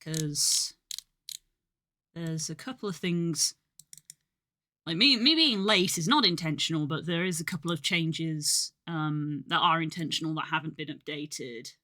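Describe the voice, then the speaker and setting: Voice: medium pitch, a little slow, bright, forceful tone. A live streamer chatting casually and a little out of breath, rambling with lots of fillers and poking fun at their own lateness. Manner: rambling, filler-heavy, self-deprecating. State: slightly out of breath.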